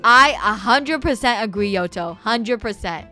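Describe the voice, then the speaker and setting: A young woman streaming a game, chatting casually with viewers in an excitable, giggly way. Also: on the high side, a little slow, faint music behind.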